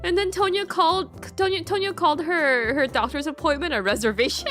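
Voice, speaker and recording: A woman streamer chatting casually to her viewers, rambling with lots of filler words and restarts and swinging between giggly highs and low mumbles. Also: brisk, a bit bright, soft background music. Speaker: VTuber streamer.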